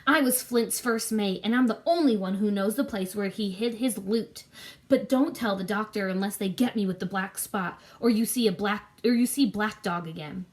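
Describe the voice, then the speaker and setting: A woman voicing a gruff, scarred old pirate captain who growls and gasps out his words. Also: medium pitch, moderate pace, lightly acted. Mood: gruff, urgent. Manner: growling, gasping sailor talk.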